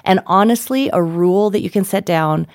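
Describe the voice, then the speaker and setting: A middle-aged woman talks as a guest author, spinning animated stories and slipping into the voices of the people in them. Her pitch sits in a middle range. The sound is close and dry, with no room around it. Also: normal speed, dry recording. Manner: animated storyteller, acts out dialogue, laughs often. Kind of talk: interview chat.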